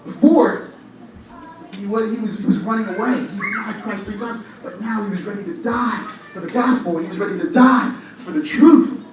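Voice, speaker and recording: A young man preaching a lively sermon, telling stories with humor and rising to shouts at times. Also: high voice, normal speed. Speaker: church speaker. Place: large church hall. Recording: echoey hall, from far off, faint noise.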